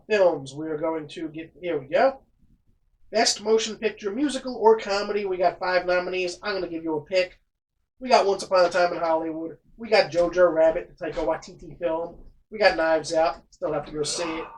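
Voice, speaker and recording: A man's voice: fairly high pitch, fairly bright tone, rough recording. A man hosting a casual podcast, reading award picks and cursing in exasperation at his co-host. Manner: profane, exasperated, rattling off picks. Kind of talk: casual chat.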